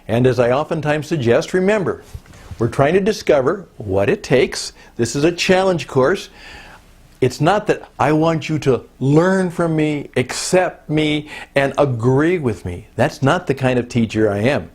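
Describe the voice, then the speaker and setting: Older man, course teacher, reflective conversational lecture, slightly high voice. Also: expressive, unhurried, darkish tone. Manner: reflective, conversational, with fillers and rhetorical questions. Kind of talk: recorded lecture.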